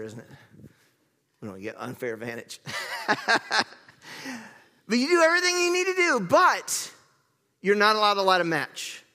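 A man's voice: high voice, pushed and bright, long reverb tail. A man preaching a sermon, telling the story in a playful, chatty way and asking the crowd questions.

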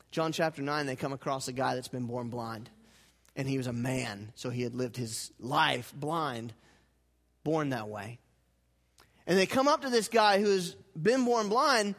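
A male pastor with a notably high-pitched voice, delivering a sermon. He swings from loud, emphatic lines to quiet, intense ones, and pulls the congregation into call-and-response.

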